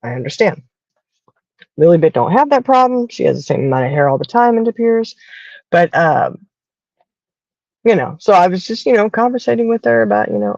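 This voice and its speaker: A Southern American woman hosting a podcast chats in a relaxed way, as if telling friends a story. Her medium-pitched voice is gravelly, a little fast, and broken by frequent pauses, and the recording sounds dry and a bit dull.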